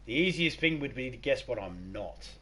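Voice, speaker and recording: A man's voice: mid-range voice, lively intonation, moderate pace, fairly bright tone. Joking Australian man streaming a game. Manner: joking, rambling, reads chat aloud. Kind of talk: casual live-stream chat.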